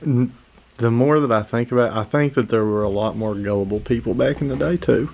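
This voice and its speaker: A man bantering on a podcast, blunt and quick to swear. His voice sits at an average pitch for a man. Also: vocal fry, darkish tone, a little hiss or hum. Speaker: podcast co-host. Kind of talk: casual chat.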